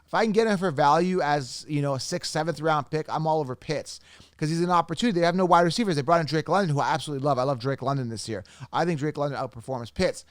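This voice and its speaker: A man's voice: fairly high pitch, quick pace, dry recording, studio quality. Emphatic man ranting on a podcast. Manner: emphatic, repetitive, mocks imagined critics. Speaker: fantasy football podcast host. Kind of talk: opinionated podcast rant.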